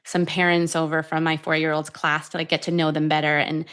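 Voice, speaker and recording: A woman in her thirties who is a tapping expert, guiding a calm tapping sequence and then telling stories in an animated, conversational way. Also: low voice, a little fast, smooth. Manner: calm, soothing guidance shifting to animated storytelling. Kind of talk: guided tapping and conversational chat.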